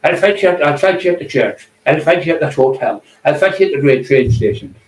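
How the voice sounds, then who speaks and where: A man's voice: on the high side, animated, fairly quick, voice pushed up, natural voice. A man mimicking a drunk, boastful man who stammers out repetitive threats. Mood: frantic. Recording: echoey distant room, faint hum.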